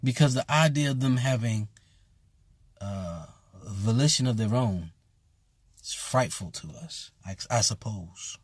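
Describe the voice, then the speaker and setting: A man's voice: medium pitch, animated, a little slow, slightly rough, no room sound. A man who teaches at a voodoo temple, talking bluntly and casually with emphatic repetition. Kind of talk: casual spoken commentary.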